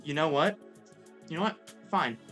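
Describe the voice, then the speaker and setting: A woman's voice: sits low, lively intonation, moderate pace, a bit bright, faint music behind. A young woman streaming a game, chatty and self-mocking, swearing casually between lines.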